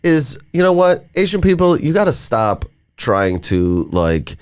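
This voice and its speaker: A man's voice: a little high, sing-song, unhurried, clear, resonant tone. A man co-hosting a podcast, talking in brash, mocking casual banter and dropping into silly voices. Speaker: podcast co-host.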